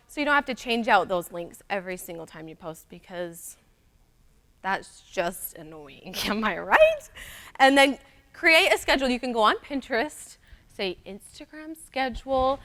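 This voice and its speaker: A woman's voice: a little high, fairly bright tone. A young woman giving a chatty, upbeat conference talk, speaking straight to the audience. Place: conference room.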